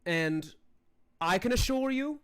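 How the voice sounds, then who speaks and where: A game master voicing a smooth-talking male noble courtier who flatters and stumbles over his words. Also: medium pitch, voice pushed up. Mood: courtly. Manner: halting, full of restarts and fillers.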